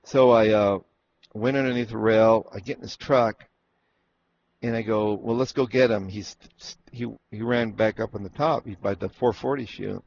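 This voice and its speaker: Telling racing-day stories in a casual interview, the Arizona ex-jockey uses a fairly low, gravelly voice at a moderate pace. He's an animated storyteller who acts out what was said, captured on a dull lo-fi recording with faint noise.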